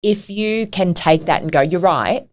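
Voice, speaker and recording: A woman's voice: fairly low pitch, measured pace. A middle-aged woman, a podcast guest, telling stories in casual conversation and often laughing as she talks.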